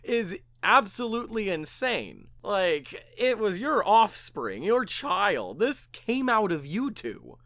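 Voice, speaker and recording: A woman's voice: medium pitch, very animated, takes it slowly, few pauses, a bit bright, no echo. A woman co-hosting a podcast, chiming in with wry, sarcastic asides in casual discussion. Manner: wry interjections, laughs often, sarcastic asides. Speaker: podcast co-host.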